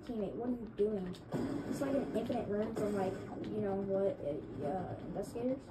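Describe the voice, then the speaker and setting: A woman streaming gameplay, with excitable trash talk and sudden yelps. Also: mid-range voice, normal speed, very noisy. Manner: excitable, trash-talking, yelps when killed. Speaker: gaming streamer. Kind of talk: live gameplay commentary.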